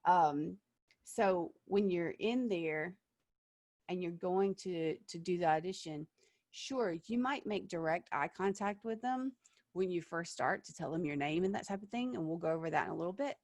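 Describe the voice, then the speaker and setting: A woman teaching an online acting workshop, lively and animated, checking in with her listeners by asking "okay?" and "yeah?". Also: on the low side, moderate pace, no echo.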